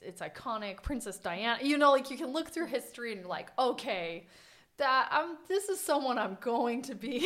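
A young adult woman guesting on a podcast, telling her stories in an animated, chatty way. She laughs often and acts out the lines of the people in them. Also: medium pitch. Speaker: podcast guest, watch collector. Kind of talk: casual conversation.

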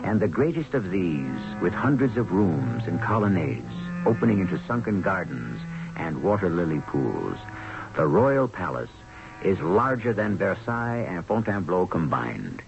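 A man's voice: low-pitched, very animated, moderate pace, vocal fry. A male radio host giving theatrical, rhetorical narration between the acts of a drama. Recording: lo-fi radio recording with music.

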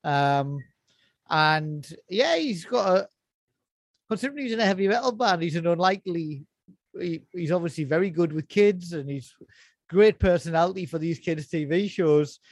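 A man's voice: a little high, animated, normal speed, no echo. A man co-hosting a casual podcast, chatting about old children's TV, laughing often and trailing off mid-sentence. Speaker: podcast co-host. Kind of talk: casual chat about nostalgic kids' TV.

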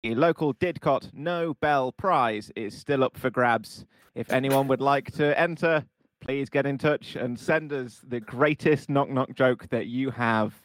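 A man's voice: medium pitch, unhurried, dry recording, lightly acted. A man playing a local radio news anchor in improv comedy, with an earnest, faux-formal newsreader delivery.

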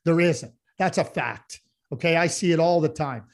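A man co-hosting a casual hockey podcast, talking in an animated way, getting heated and restarting often. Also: on the high side, normal speed. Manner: animated, gets heated and loud, many restarts. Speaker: podcast co-host, hockey analyst. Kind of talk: casual sports chat.

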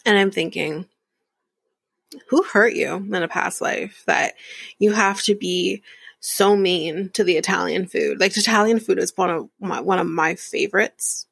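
A woman's voice: on the low side, a little slow, gravelly, fairly bright tone, slightly rough, no room sound. A woman hosting a podcast, recapping a reality show in a candid, chatty way with frequent laughs. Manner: chatty, candid, laughs often, drifts into whispered asides. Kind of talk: casual chat.

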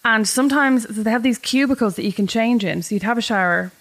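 An Irish woman hosting a podcast, telling animated, self-deprecating stories in casual chat. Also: fairly high pitch, brisk. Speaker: podcast host.

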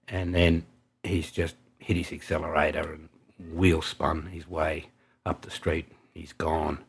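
A man's voice: deep voice, level tone, takes it slowly, slightly rough. A man with an Australian accent, a taxi driver telling a vivid anecdote in colloquial, conversational speech. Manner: colloquial, vivid storytelling, drops quiet for tension. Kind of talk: spoken anecdote.

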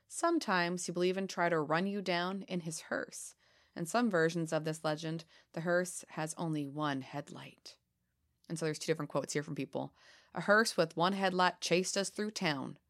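A woman co-hosting a casual podcast, reading spooky legends aloud in a playful, giggly way with dramatic pauses. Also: on the low side. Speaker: podcast co-host.

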